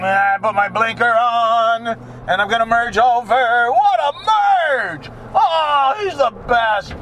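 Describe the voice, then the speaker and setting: A middle-aged man with a high voice that leaps all over the place, talking in an unhurried drawl. He rambles from one subject to the next and drops crude jokes as he drives, with faint road hum underneath. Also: fairly bright tone. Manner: joking, crude, wanders off topic. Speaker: vlogger. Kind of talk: rambling casual monologue while driving. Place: in a car. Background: faint road noise.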